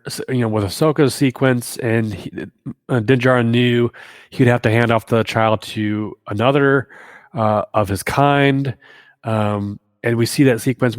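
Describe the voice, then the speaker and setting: Podcast co-host, male, thoughtful and unhurried, mid-pitched, dry sound with a lingering reverb. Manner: measured, thoughtful, with many fillers. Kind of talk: casual podcast discussion.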